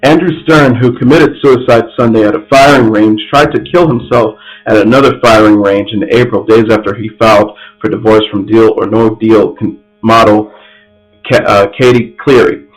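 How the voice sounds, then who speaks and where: A man's voice: lowish voice, fairly even intonation, moderate pace, poor audio. A man hosting an entertainment news podcast, reading stories aloud with frequent slips and restarts.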